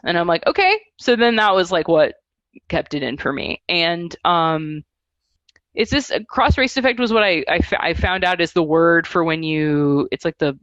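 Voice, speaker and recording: A woman's voice: on the low side, dry recording, lo-fi sound. A woman in her thirties, a musician guest, chatting casually and telling stories with acted-out quotes. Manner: animated storytelling with acted-out quotes. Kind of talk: casual interview chat.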